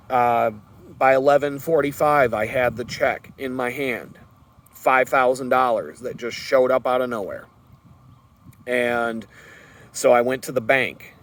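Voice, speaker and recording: A man's voice: mid-range voice, a bit bright. A man vlogging a personal story in an earnest, rambling way, with fillers and restarts.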